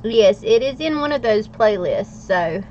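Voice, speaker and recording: A middle-aged woman, chatting casually on a livestream, playful and quick to laugh as she answers viewer comments. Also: mid-range voice, animated, a little mellow, a little hiss or hum. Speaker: livestream host. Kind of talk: casual livestream chat while journaling. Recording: slightly dull lo-fi audio.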